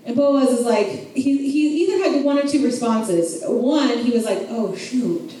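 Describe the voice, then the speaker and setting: A woman's voice: a little high, expressive, normal speed, dark tone. A woman giving a chatty, joking Bible lesson and laughing at herself. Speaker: Bible study teacher. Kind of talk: casual Bible teaching. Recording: echoey room from far off, faint noise.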